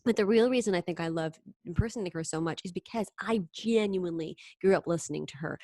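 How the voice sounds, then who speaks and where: An actress and impressionist talking about her craft in a casual interview, animated and quick to slip into voices. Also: lowish voice, dry recording, studio quality. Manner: animated, slips into sung impressions.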